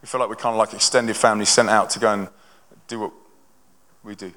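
Crowd noise surrounds a young man from a touring Christian band as he gives a fast-paced testimony in a lowish voice to a church audience. He's energetic and chatty, restarting often, and long reverb echoes through the large hall.

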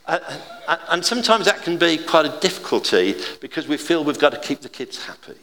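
An older man giving an informal, chatty sermon with gentle humour and family anecdotes. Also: fairly high pitch, sing-song, brisk, big-room sound.

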